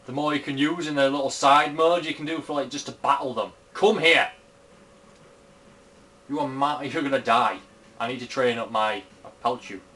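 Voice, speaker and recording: A man's voice: on the high side, fairly bright tone. A young man casually commenting on his own gameplay at home, chatty and blunt, swearing freely and talking back to the game. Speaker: gamer. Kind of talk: casual let's-play commentary. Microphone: camera filming the screen.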